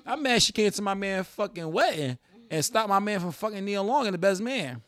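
A young man hosting a casual podcast, telling stories in an animated, profane, joking way. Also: sits high, fairly quick. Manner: animated, profane, jokey storytelling. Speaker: podcast host.

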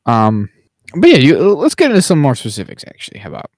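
A man's voice: mid-range voice, huge pitch swings, quick pace, darkish tone. A man co-hosting a podcast in casual chat, rambling with many fillers and restarts. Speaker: podcast co-host.

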